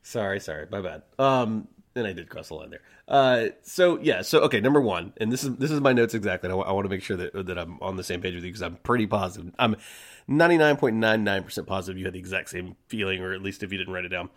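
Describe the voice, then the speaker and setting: A man's voice: sits low, quick pace. A man co-hosting a podcast in casual chat, rambling with many stammered restarts and easy laughs. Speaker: podcast co-host.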